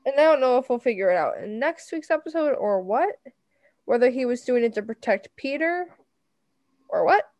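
A woman's voice: a little high, lively intonation, normal speed, a little mellow. A young woman co-hosting a podcast, adding blunt, dry comments in casual chat. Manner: blunt, dry asides with swearing. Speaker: podcast co-host.

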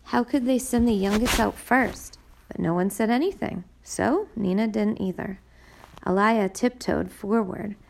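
Woman, audiobook narrator, measured storytelling, gravelly, mid-pitched.

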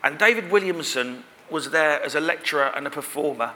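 High, bright-voiced man telling a story. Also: lively intonation, fairly quick, a little hiss or hum. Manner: rambling, self-deprecating, emotional. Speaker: guest performer. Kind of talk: live podcast interview storytelling. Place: stage at a live show. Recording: live venue with long reverb.

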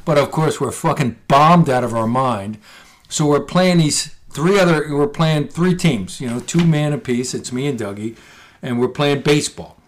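A man's voice: on the high side, moderate pace. A man co-hosting a casual sports podcast, telling stories with lots of swearing and acting out what others said. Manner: animated storyteller, swears freely, acts out quotes. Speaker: podcast co-host.

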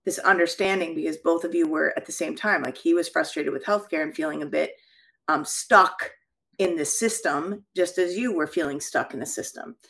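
A woman's voice: low-pitched, normal speed, creaky, fairly bright tone. A woman co-hosting a talk show, with a background in healthcare, speaking in a reflective, affirming way. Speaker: podcast co-host with a healthcare background. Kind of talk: casual conversation.

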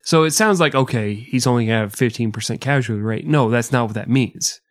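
This history podcast co-host speaks briskly in a mid-range voice, bantering casually with crude humor and lots of swearing. There's no room sound.

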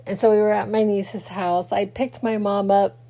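A middle-aged woman talking casually and haltingly to her camera late at night, grieving and rambling with many fillers and restarts. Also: mid-range voice, little pitch movement, warm tone. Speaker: vlogger. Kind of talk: casual personal talk to camera.

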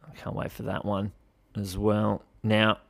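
A young man hosting a casual sports podcast, chatty and wry, swearing casually, with animated bursts. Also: fairly low pitch, a little slow, vocal fry. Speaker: podcast host.

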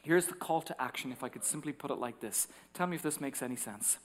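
Animated male pastor preaching in a reverberant hall. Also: mid-range voice, fast. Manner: animated storytelling, acting out quotes, swings from loud to hushed. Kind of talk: sermon. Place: large church sanctuary. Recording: long reverb of a large hall.

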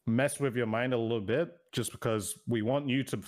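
A man co-hosting a casual gaming podcast at a mid-range pitch. He rambles through his points with plenty of filler words and laughs easily. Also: fairly even intonation, normal speed. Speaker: podcast co-host. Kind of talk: casual chat.

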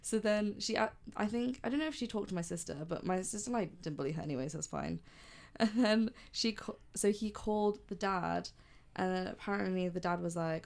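Gravelly young woman chatting. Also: on the low side, fairly quick, few pauses. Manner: chatty storyteller, quoting family with lively voices. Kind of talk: casual chat.

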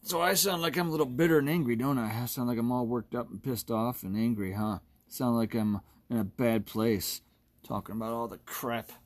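A man's voice: mid-range voice, steady tone, a little fast, no room sound. A man in his forties hosting a solo podcast, ranting bluntly and with lots of profanity, often laughing at himself. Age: 40s. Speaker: podcast host.

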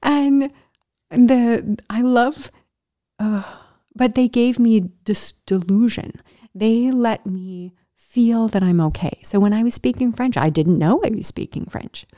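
A woman vlogger chatting casually to camera in a studio, telling a personal story in a lively way with slangy exclamations. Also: fairly high pitch, takes it slowly.

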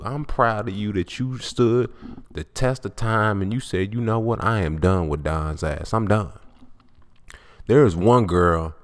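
Gravelly-voiced blunt podcast host man. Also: mid-range voice. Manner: profane, blunt, preachy storytelling. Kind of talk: unscripted monologue.

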